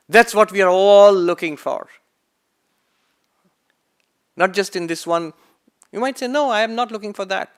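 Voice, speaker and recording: Man, higher-pitched voice, spiritual talk, rhetorical questions, deliberate repetition, soft trailing endings. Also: smooth. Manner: slow deliberate delivery with repeated phrases. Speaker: monk giving a spiritual talk. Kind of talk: lecture-style sermon.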